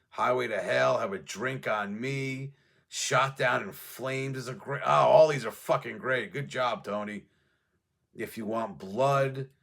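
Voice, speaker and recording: A man's voice: medium pitch, creaky, fairly bright tone. A man rambling casually about his past, profane and offhand, trading memories as he goes. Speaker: music show host.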